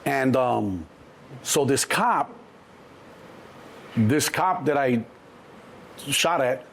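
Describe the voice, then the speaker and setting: Extremely slow and medium-pitched, the man's voice carries vocal fry, with a little hiss or hum in the audio. He's a 60-something from Chicago sharing past stories in a casual interview, acting out voices and restarting a lot.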